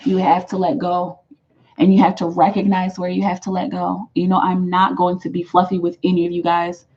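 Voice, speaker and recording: A woman's voice: lowish voice, monotone, brisk, a little mellow, dull audio. Emphatic woman doing a live tarot reading. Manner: emphatic, affectionate, repeats phrases, laughs often. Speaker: tarot reader.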